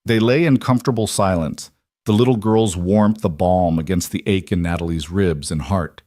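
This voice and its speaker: A man with a low voice narrates a scripted story in a measured, gentle way. The recording is dry and close, with no room echo.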